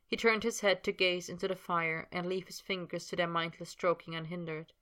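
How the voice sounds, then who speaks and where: A woman reading a fan fiction story aloud in steady, unhurried narration. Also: on the low side. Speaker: reader.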